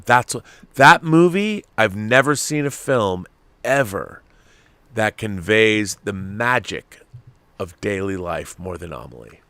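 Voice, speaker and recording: A middle-aged man hosting a podcast, telling stories in an animated, emotional way with many restarts. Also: fairly low pitch, slow pace, no echo. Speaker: podcast host. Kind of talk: casual chat.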